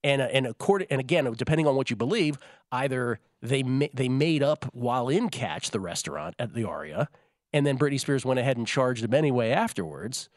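Male sports-betting host, casual rambling delivery, mid pitch, dry studio sound. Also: animated, brisk, no room sound. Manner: rambling, self-correcting storyteller.

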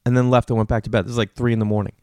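A man's voice: mid-range voice, racing, no echo, studio quality. A man hosting a podcast, chatting casually on his own and acting out family conversations as he tells stories, cursing freely. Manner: animated storyteller who acts out family dialogue; loose, swears casually. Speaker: podcast host. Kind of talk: casual solo monologue.

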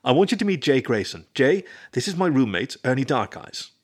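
Man doing a gently teasing young raccoon. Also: mid-range voice, big pitch swings, a little fast, husky, pitched above the performer's own voice. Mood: tender. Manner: warmly teasing, reassuring.

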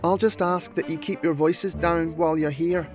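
A man's voice: a little high, steady tone, normal speed, soft background music, voice pushed up, natural voice. A man voicing a clever young man who speaks barely above a whisper in a storybook reading. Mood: hushed.

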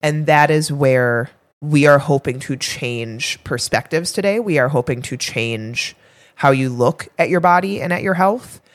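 A woman's voice: sits low, unhurried. A woman co-hosting a health podcast in casual chat, rambling a little with fillers and restarts. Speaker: podcast co-host, health coach.

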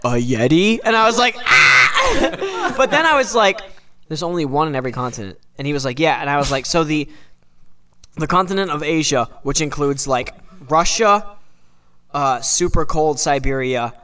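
A man's voice: on the high side, moderate pace. A young man, a podcast co-host, telling a comedic story with lots of swearing and acted-out voices. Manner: animated, swearing, acts out voices.

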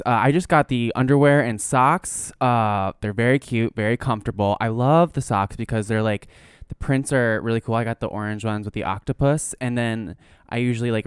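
A man talks on a podcast in a loose, rambling way, with "like" dropped into nearly every line. His voice comes through smooth and clean. The recording is dry and close. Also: mid-range voice, dry recording. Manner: chatty, lots of "like" fillers. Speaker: podcast co-host. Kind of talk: casual podcast chat and host-read ad.

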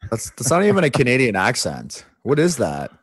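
A man's voice: mid-range voice, huge pitch swings, a little fast, husky, no echo. A man in his forties co-hosting a podcast in casual, joking chat, telling stories and tagging lines with "right?". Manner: joking, storytelling, says "like" and "right?" often. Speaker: podcast co-host.

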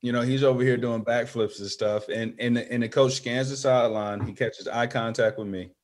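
A middle-aged man telling a story as an interview guest, animated and acting out friends' voices. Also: mid-range voice, moderate pace.

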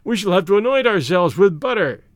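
A droll young man delivers dry jokes with mock solemnity, as a male storyteller puts him on. The voice rises high and lively, recorded close and dry. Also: fairly quick, no room sound. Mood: wry. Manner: wry, mock-pompous.

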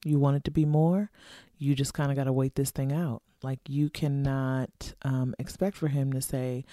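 A woman's voice: very deep voice, fairly even intonation, moderate pace, dark tone, no echo, studio quality. A woman in her forties hosting a podcast, giving frank, slangy, playful advice to listener letters and laughing often. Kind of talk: casual advice chat.

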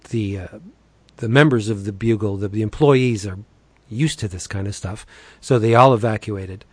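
An enthusiastic man in relaxed conversation, gushing and tripping over his words as he acts out bits of dialogue. The sound is dry and close, with no room around it. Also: mid-range voice, no room sound. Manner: enthusiastic, acts out quotes, many restarts. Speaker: podcast co-host reviewing comics. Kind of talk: casual chat.

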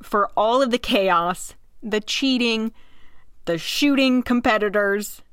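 A woman's voice: a little high, takes it slowly, fairly bright tone, smooth, dry recording, clean studio sound. A woman hosting a casual podcast, telling a story in a wry way and laughing often.

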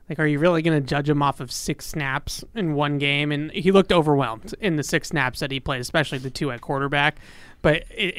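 A man with a fairly high, smooth voice, recorded close and dry. He argues his point earnestly and quickly, stumbling into a few restarts as he goes. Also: fairly bright tone, no room sound. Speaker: co-host and practice reporter. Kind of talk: casual sports analysis.

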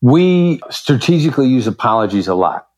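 A man's voice: mid-range voice, big pitch swings, moderate pace, a little mellow. A man being interviewed as a negotiation expert, talking in a confident, emphatic way and acting out short examples as he explains. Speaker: podcast guest, negotiation expert. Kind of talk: conversational interview.

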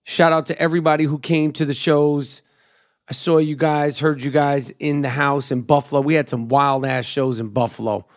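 A man's voice: a little high, steady tone, moderate pace, no room sound, studio quality. A middle-aged man with a New York accent, hosting his own podcast in a brash, profane, riffing monologue. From New York City. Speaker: podcast host and comedian.

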